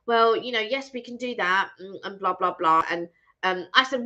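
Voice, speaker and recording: A woman hosting a casual live stream, telling a story in an animated way and acting out both sides of a phone call. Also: fairly high pitch, normal speed. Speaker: channel host. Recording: dull lo-fi stream audio.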